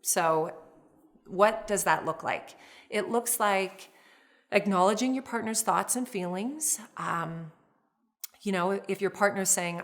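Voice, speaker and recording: Lady therapist teaching a course, calm and measured, lowish voice, keeps restarting words. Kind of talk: instructional talk to camera.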